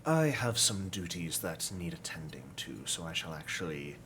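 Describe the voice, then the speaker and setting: A man voicing a composed, aloof undead noblewoman who speaks in a formal, measured, dry way. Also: deep voice, animated, a bit bright, a little hiss or hum. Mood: courteous.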